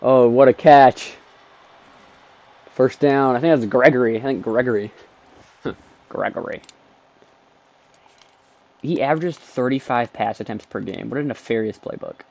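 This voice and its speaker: A man doing let's-play commentary on a football video game, excitable, trash-talking the game and bursting into shouts. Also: mid-range voice, moderate pace, vocal fry, pauses often. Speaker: gaming streamer. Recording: dull lo-fi dry mic.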